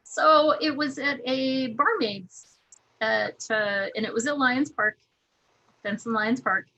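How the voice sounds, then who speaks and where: A woman guest telling lively anecdotes in casual talk, laughing often. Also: fairly high pitch, slow, muffled recording. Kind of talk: casual storytelling.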